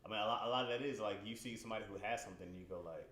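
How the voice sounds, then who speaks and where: A man's voice: on the low side, rapid-fire, a bit bright. An opinionated young man in casual podcast chat, talking things through with lots of "like" in an echoey room. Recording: echoey room with faint hiss.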